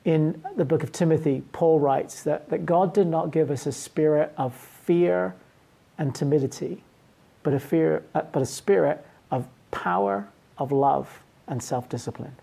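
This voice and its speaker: A woman's voice: low-pitched, measured pace, gravelly, mellow, husky. A woman pastor giving an earnest sermon, often restarting and repeating words.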